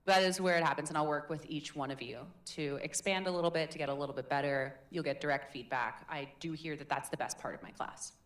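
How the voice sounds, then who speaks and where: A woman coaching public speaking in a live workshop, energetic and playful, demonstrating different voices. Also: deep voice, quick pace, few pauses. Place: workshop room with audience.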